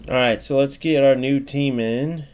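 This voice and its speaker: A man's voice: mid-range voice, steady tone, a little slow, a little mellow, a little hiss or hum. Chatty man commenting on his gameplay. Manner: talks to his chat, acts out short exchanges in a raised voice. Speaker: gaming streamer.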